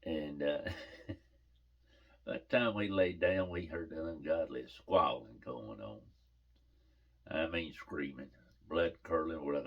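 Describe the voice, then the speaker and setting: A man's voice: low voice, measured pace, dull audio. A middle-aged man telling a family story in a folksy way, often laughing as he talks. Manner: folksy, laughs through the telling, animated quoting.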